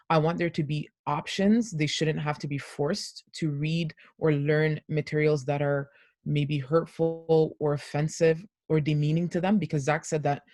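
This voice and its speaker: A woman's voice: deep voice, darkish tone, no echo, studio quality. A middle-aged woman speaking earnestly as a parent on a panel discussion, over a video call. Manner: earnest, heartfelt.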